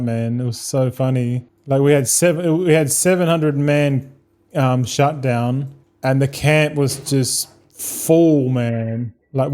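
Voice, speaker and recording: A man's voice: medium pitch, warm tone. An Australian man in his thirties, streaming a game and chatting casually with viewers in a rambling, laid-back way, swearing freely. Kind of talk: casual live-stream chat.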